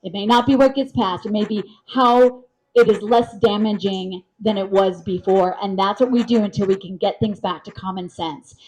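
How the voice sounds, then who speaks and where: Female moderator, middle pitch, earnest and emphatic. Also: normal speed, a little mellow, low-quality recording. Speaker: panel moderator. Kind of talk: moderating a panel.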